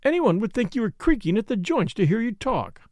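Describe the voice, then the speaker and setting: A man voicing a lively young woman with a playful, mocking way of talking. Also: extremely high pitch, normal speed, gravelly, dry recording, studio quality, voice pushed up, exaggerated voice. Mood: teasing.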